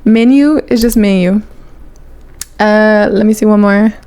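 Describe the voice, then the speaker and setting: A woman's voice: medium pitch, unhurried, dark tone, smooth. A young woman vlogger in casual chat, rambling and chatty, filling her talk with "like" and swearing casually.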